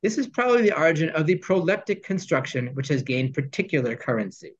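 A man's voice: fairly high pitch, very animated, fast talker, husky. A man teaching a text study class, reading Hebrew phrases and explaining them in English with joking asides. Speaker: Torah teacher. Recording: dull lo-fi sound.

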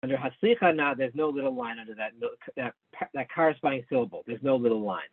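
Over a narrow, phone-like, dry recording, a man teaching an online study class walks his students through texts with patience, naming them as he goes and stopping to restart his sentences as he thinks. He speaks at a quick pace in a mid-range voice with a breathy edge.

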